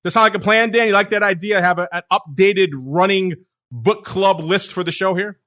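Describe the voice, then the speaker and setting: A man's voice: sits high, a little fast. A man hosting a podcast, talking energetically and reading out listener questions in a casual, chatty way. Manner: energetic, talkative, reads listener questions aloud. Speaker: podcast host.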